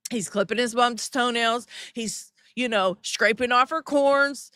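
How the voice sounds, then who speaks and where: A woman's voice: a little high, a little slow, a bit bright, no echo, studio quality. A woman hosting a live stream who comments sarcastically and mockingly and laughs often while reading the chat. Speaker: livestream host.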